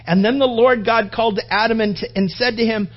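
A high-voiced man preaches a sermon, his pitch swinging widely as he acts out the voices in the passage. At times he drops to a hushed, almost whispered tone. The recording sounds dull and lo-fi. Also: steady tone, fairly quick. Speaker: pastor.

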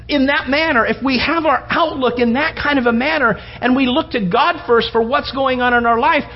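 Husky man preaching in a reverberant hall. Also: very high voice. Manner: earnest, with repeated restarts and voiced prayers. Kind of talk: sermon. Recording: dull lo-fi sound with long hall reverb.

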